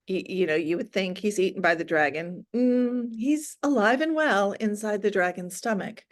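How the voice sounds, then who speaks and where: Woman teacher, storybook read-aloud with casual classroom asides. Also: medium pitch. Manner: expressive reading, casual asides.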